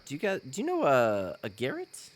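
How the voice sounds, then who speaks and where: A man's voice: mid-range voice, huge pitch swings, moderate pace. A man playing a tabletop game, asking questions with some hesitation. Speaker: player.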